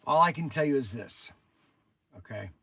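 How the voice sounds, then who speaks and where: A man's voice: mid-range voice, animated, moderate pace, vocal fry, pushed and bright, breathy edge, no echo. An older man hosting a casual livestream, rambling and chatty as he answers viewers by name. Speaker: toy shop host answering viewers.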